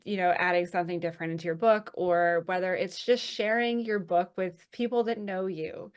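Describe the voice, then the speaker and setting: A woman co-hosting a podcast in easygoing chat. Her voice sits a little low, and she rambles cheerfully, stringing her thoughts together with fillers. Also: steady tone, normal speed, smooth. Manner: chatty and rambling, with many fillers. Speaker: podcast co-host. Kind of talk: casual chat.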